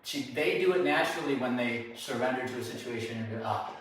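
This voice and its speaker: A man dog trainer explains his work in a relaxed, conversational way while he trains. His voice sits at an ordinary pitch. He sounds a little away from the mic, in a very reverberant indoor space with faint noise underneath. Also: fast talker. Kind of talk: hands-on training demonstration. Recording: very echoey room, distant mic, faint noise.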